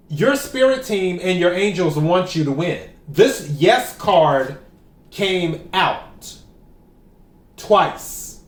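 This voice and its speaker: A man with a high voice gives an oracle card reading straight to the camera, taking his time over every word. He leans on key phrases and says them again for emphasis. The sound has the echo of a bare room at home. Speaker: tarot and oracle card reader.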